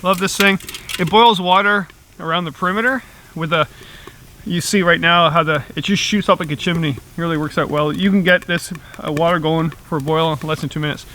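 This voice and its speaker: A man's voice: fairly high pitch, steady tone, brisk, pushed and bright, slight background noise. A middle-aged man chatting casually outdoors in the woods as he makes tea over a small stove, chuckling often between rambling asides. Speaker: outdoor vlogger. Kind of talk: casual chat while camp cooking.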